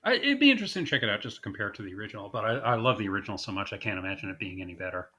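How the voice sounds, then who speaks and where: A man co-hosting a podcast in casual chat, animated and quick to act out movie lines in put-on voices. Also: fairly low pitch, slightly rough. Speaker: podcast co-host.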